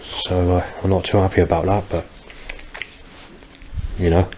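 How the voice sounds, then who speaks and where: Male vlogger, low voice, in pain and coughing, coarse and rambling. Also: little pitch movement, unhurried, warm tone, slight background noise. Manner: rambling, coarse, bitter outbursts. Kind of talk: rambling personal video diary.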